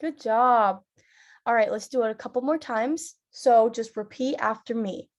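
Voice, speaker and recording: A woman leading a theatre warm-up lesson, giving friendly instructions with frequent "um"s and breaking into loud demonstration sounds. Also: a little high, measured pace, muffled recording. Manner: instructive, filler-heavy, with loud vocal demonstrations. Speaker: drama teacher.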